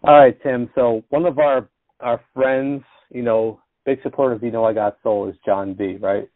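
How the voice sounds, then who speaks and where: A man's voice: mid-range voice, steady tone. A man co-hosting a podcast, asking a guest about a record with enthusiasm. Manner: enthusiastic, quick affirmations. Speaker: podcast co-host. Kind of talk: casual interview. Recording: phone-like narrow sound.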